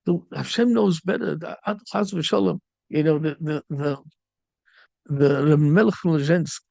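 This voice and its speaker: During a sermon, a middle-aged rabbi tells a story and sprinkles in Yiddish and Hebrew words. His voice is high, gravelly, darkish, and a little slow, with dry, close sound and no room echo.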